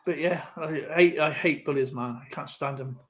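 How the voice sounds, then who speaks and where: A man's voice: on the high side, moderate pace. A man hosting a live stream, telling a rambling anecdote in a casual, chatty way with lots of fillers and asides. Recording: slightly muffled lo-fi stream audio.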